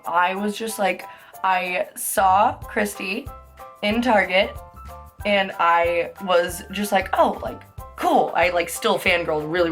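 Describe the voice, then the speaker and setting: Chatty young woman swearing through funny stories. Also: medium pitch. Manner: chatty, filler-heavy, swears freely; laughs while telling stories. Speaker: beauty vlogger. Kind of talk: casual storytelling.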